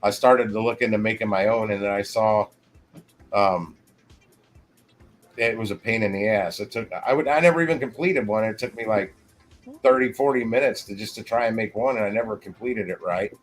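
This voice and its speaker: Man, lowish voice, easygoing livestream host who trails off and restarts a lot, faint music under him. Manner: rambling, halting, frequent restarts. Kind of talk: casual livestream chat.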